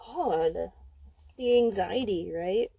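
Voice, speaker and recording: A woman's voice: medium pitch, takes it slowly, creaky, slightly rough, no echo, highs cut off. A young adult woman giving a casual spoken card reading, candid and emphatic, swearing freely. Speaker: intuitive card reader. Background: dog barking.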